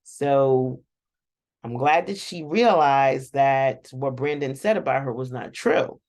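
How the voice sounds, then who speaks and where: Woman, low voice, slow pace, casual reaction recap, chatty, laughs a lot. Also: darkish tone. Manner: chatty, laughs often, talks to viewers. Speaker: show reaction host. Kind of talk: casual rambling episode recap.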